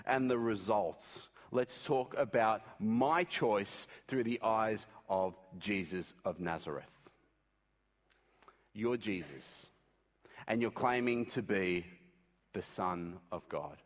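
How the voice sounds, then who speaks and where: A man preaching a sermon in a conversational way, acting out quotes with wide swings in pitch. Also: long reverb tail.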